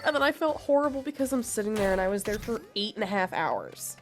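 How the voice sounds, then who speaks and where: A woman's voice: mid-range voice, fast, faint music behind. A woman casually chatting while playing a game, telling a story and acting out what people said. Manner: animated storytelling, acts out quotes. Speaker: streamer co-host. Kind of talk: casual chat while gaming.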